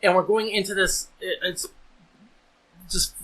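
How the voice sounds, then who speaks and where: A man's voice: high voice, fairly even intonation, measured pace, a bit bright, low-quality recording. A man talking earnestly in a casual podcast discussion, restarting and repeating words as he builds his point. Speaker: podcast host.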